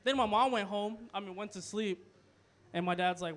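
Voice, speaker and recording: A young man with a high voice tells a rambling stand-up story in a small comedy club. He drops to a mutter for asides, then gets loud for the punchlines. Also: brisk. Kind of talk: stand-up set.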